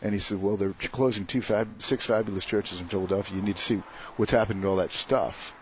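A parish priest, guesting on a radio pledge drive, chats and tells stories with the occasional laugh in a casual interview. He talks fast in a lowish, steady voice, with a little hiss or hum present.

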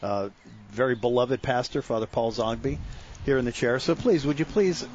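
A man's voice: mid-range voice, animated, normal speed, a little mellow, a little hiss or hum. Muffled man making a pledge appeal. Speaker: radio pledge-drive host. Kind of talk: on-air fundraising appeal.

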